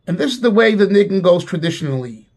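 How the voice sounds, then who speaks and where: A man preaching a sermon with rising passion and emphatic cries, phrasing his words slowly and deliberately. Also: high voice, lively intonation, a little mellow. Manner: impassioned, swelling to emphatic cries. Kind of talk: sermon with sung melody.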